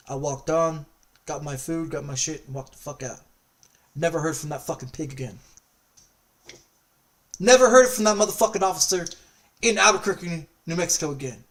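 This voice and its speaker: A man's voice: on the high side, moderate pace, pauses often, fairly bright tone, distant mic. Angry, cursing man telling a story. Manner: angry, profane, heavily repetitive. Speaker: streamer. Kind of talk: casual storytelling chat.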